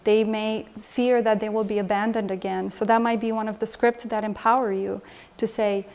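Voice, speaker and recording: A woman's voice: mid-range voice, little pitch movement, normal speed, a little mellow. Woman coach leading an interactive talk. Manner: engaging, asks the audience questions. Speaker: emotional health coach. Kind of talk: lecture with audience exchange. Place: lecture room with audience.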